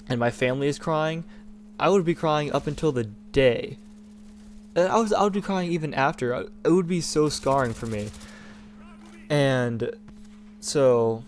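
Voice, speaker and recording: A man's voice: medium pitch, a little mellow. A young man hosting a gaming channel, talking in a rambling, indignant rant with many restarts. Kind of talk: casual opinion rant over gameplay.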